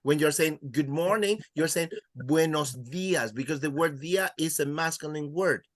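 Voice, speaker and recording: A man's voice: on the high side, normal speed, dry recording, clean studio sound. A man teaching a beginner Spanish class, counting students in and praising their answers. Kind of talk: classroom language lesson.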